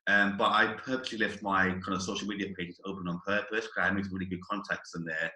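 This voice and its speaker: Fast-talking bright-voiced man. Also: low-pitched. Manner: animated storyteller, laughs often. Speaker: podcast host and orchestra leader. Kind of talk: casual podcast chat. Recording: echoey room.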